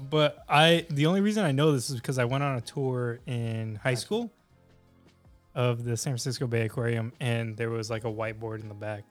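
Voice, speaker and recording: A man telling a story in casual chat with friends, joking and swearing freely. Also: mid-range voice. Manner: swears a lot, storytelling, jokey.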